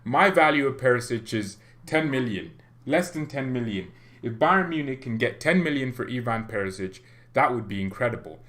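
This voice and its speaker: A man's voice: mid-range voice, animated, moderate pace, fairly bright tone. A man hosting a football fan channel, chatting casually, joking and going off on tangents. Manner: chatty, joking, rambling with self-interruptions. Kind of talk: casual vlog commentary.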